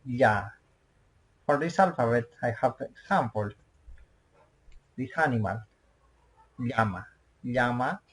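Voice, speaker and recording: A man with a husky, slightly breathy voice gives a language lesson in simple English. He talks very slowly and says every word two or three times so learners can follow. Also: mid-range voice, animated, rough recording. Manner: slow, repeats each word several times, simple non-native English. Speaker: Quechua language teacher.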